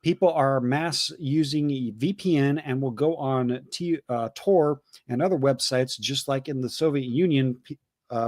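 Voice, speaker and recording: A man's voice: medium pitch, a little mellow, no room sound, clean studio sound. A man co-hosting a casual livestream, reading chat messages aloud with loose jokes and stumbling repeats.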